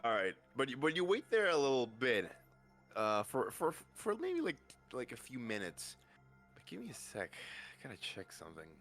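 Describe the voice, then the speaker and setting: A man narrating a tabletop game as game master, halting with many restarts and fillers. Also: mid-range voice, wildly swooping pitch, a bit bright, soft background music.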